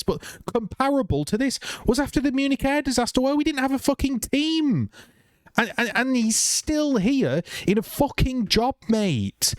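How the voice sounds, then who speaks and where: A man's voice: high voice, no room sound, clean studio sound. A man ranting heatedly to camera as a football fan vlogger, swearing and repeating himself. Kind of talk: angry rant to camera.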